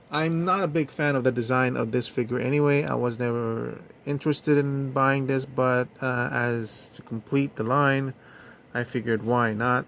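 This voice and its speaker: A man's voice: medium pitch, slight background noise. A man casually reviewing action figures, talking in a hesitant way with many fillers. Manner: slow, hesitant, lots of fillers. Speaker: toy reviewer.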